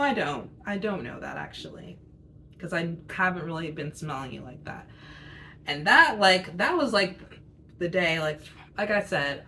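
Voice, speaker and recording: A woman's voice: fairly low pitch, bright, forceful tone, slight background noise. Rambling woman in her twenties. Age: 20s. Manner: rambling, filler-heavy, candid. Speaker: vlogger telling a personal story. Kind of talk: casual storytime chat.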